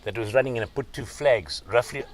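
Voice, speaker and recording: A South African man co-hosts a casual chat, teasing and ribbing his partner. His voice sits in an ordinary middle pitch and sounds relaxed and conversational. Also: fairly quick, a little hiss or hum. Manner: teasing, banters with laughs. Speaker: co-host.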